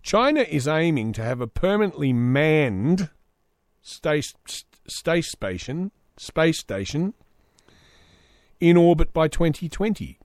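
A man's voice: on the high side, very animated, slow, no echo, clean studio sound. A man hosting a solo comedy podcast, reading news aloud with sarcastic asides. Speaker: podcast host.

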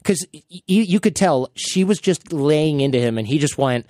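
Man in his thirties, podcast host, lively storyteller, close dry studio mic. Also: fairly high pitch, normal speed, no echo. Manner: animated storyteller, acts out quotes. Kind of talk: casual podcast chat.

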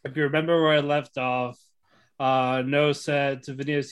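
A man casually recapping an anime episode, excitable, acting out the characters' lines and laughing often. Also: mid-range voice, moderate pace, clear, resonant tone. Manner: excitable storytelling, acts out quotes, laughs often. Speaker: podcast co-host reviewing an anime. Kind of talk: casual chat.

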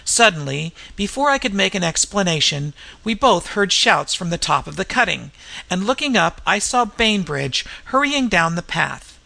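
A reader narrating a Victorian mystery story aloud in a measured, storytelling manner. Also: medium pitch, big pitch swings, vocal fry, sharp tone. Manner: measured storytelling with character voices. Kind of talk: audiobook narration.

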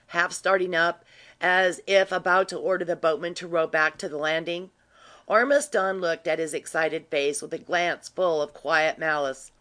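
Steady narrator for a classic novel, mid-range voice. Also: mid-range voice, normal speed. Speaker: audiobook narrator.

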